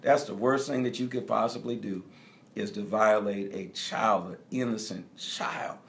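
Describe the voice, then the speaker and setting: A man's voice: fairly low pitch, measured pace, vocal fry, a bit bright. Emphatic middle-aged male preacher. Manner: emphatic, repeats key phrases; speaks directly to the congregation. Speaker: bishop. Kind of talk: teaching sermon.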